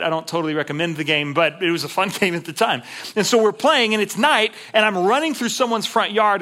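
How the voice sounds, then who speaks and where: A male pastor from Texas delivers a sermon with a bright, forceful tone and a voice pitched a little high. He talks earnestly and conversationally, sinking to near-whispers and then rising to raised appeals. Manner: earnest, swings between hushed and raised voice.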